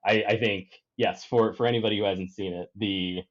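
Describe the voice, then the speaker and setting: Low-voiced man, dull lo-fi sound. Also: steady tone, normal speed, a crowd in the background. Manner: stammering restarts, thoughtful. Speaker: podcast co-host. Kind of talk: casual chat.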